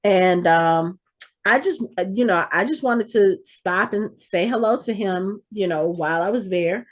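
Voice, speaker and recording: Animated woman telling a story. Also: medium pitch, a little slow. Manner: animated storyteller, acts out quoted voices. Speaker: podcast co-host. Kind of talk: casual chat.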